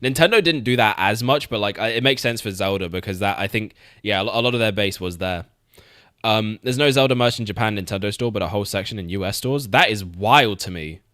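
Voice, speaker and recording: A young man streams and chats casually about games, laid-back, swearing freely, laughing often and repeating words. His lowish voice is brisk with a fairly bright tone, recorded dry at studio quality.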